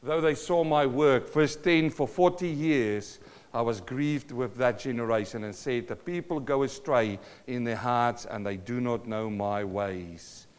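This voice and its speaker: A man's voice: mid-range voice, a little slow, clean tone, long reverb tail. A man preaching a sermon, emphatic and calling out to the congregation for responses.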